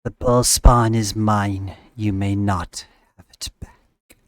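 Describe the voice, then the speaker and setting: A man voicing a slow, menacing ancient monster. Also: on the low side, fairly even intonation, no room sound, studio quality. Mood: possessive. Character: ancient two-headed monster, slow and possessive.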